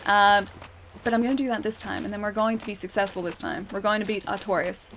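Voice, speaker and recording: A woman's voice: medium pitch, steady tone, fast, a bit bright, slight background noise. An Australian woman streaming a game, chatting casually with her viewers, reading out their comments and reacting to the fight with frequent laughs. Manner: chatty, laughs often, reads chat aloud and reacts to the fight. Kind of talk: casual live-stream chat while gaming. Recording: game music clear behind the voice. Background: game music.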